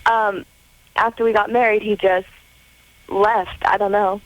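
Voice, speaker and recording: A woman in her twenties calling a radio show, speaking hesitantly and pausing a lot. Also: mid-range voice, little pitch movement, dry recording, lo-fi sound. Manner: hesitant, many pauses. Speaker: caller. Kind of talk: call-in radio conversation.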